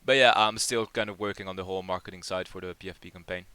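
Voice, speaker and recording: Man, low voice, bright and clear tone, rambling casual Q&A host, many fillers. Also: fairly even intonation, fast talker, dry recording. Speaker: project lead hosting a community AMA. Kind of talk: casual live Q&A chat.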